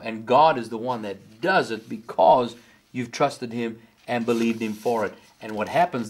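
Impassioned South African preacher man. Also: fairly bright tone. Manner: impassioned preaching, rising high on key words. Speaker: pastor. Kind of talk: sermon.

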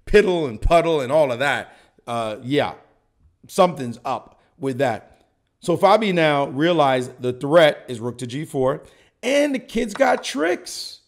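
A man's voice: fairly high pitch, big pitch swings, unhurried. A middle-aged man giving a playful, joking chess lesson, acting out the players' reactions as he goes. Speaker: chess commentator.

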